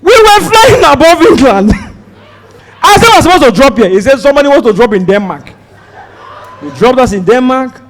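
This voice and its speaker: A Nigerian man doing stand-up, telling a story and acting out the dialogue with sudden loud outbursts. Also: extremely high pitch, sing-song, moderate pace, long pauses, big-room sound. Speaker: stand-up comedian.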